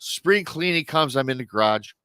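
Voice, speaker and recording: A man in his thirties, a podcast guest, telling a personal paranormal story in a casual, animated way and acting out the people he quotes. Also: mid-range voice, normal speed, clear, resonant tone, dry recording. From Michigan.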